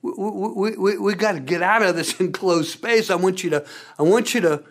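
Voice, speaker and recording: Animated preacher delivering a sermon. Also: moderate pace. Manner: animated preaching with big pitch swings and repeated words. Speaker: pastor.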